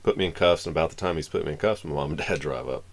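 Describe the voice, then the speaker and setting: Speaking very fast in a bass voice, a man from Florida streams live while telling a long, meandering story in a relaxed way, acting out what the people in it said.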